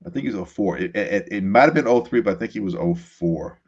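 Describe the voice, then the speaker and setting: Animated man on a lo-fi line. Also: on the low side, fast talker, slightly rough. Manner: animated, laughs often, restarts a lot. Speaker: sports analyst guest. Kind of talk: casual sports talk.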